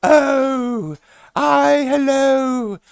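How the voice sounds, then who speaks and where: A man imitating a timid man who speaks in a slow, high, prim lady voice. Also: dry recording, clean studio sound, exaggerated voice. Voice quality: high falsetto, drawn-out and breathy.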